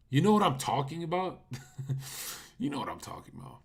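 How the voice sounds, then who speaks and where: A man's voice: on the high side, big pitch swings, a little fast, husky. A man hosting a casual livestream, reacting to clips and ranting at his chat in a blunt, mocking way, speaking into a condenser mic. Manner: blunt, mocking, rants at viewers. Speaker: livestream host. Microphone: USB condenser mic.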